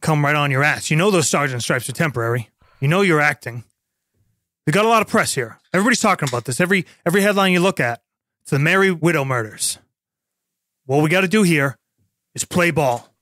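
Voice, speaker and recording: A man playing a gruff, bossy police lieutenant. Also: fairly high pitch, expressive, quick pace, fairly bright tone, no echo, clean studio sound. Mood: scolding. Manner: blunt, scolding.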